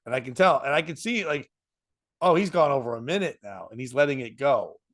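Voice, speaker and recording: A man's voice: medium pitch, animated, a little fast, a bit bright. A man hosting a podcast who tells a story casually, laughs through it, acts out other people's lines and swears freely. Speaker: comedian and podcast host.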